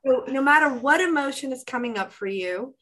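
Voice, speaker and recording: A woman talking as a guest on a podcast, warm coaching chat that acts out inner voices with lively shifts. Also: high-pitched, fairly quick, rough recording. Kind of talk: casual interview chat.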